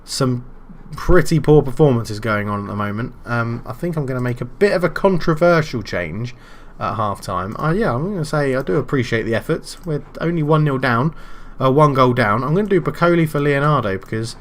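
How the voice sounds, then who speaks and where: A British man commentating his own football management game, calm between moves and shouting loudly when his side scores. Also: medium pitch, fairly quick, hardly any pauses. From Britain. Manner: excitable, bursts into loud shouting at goals. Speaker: gaming YouTuber.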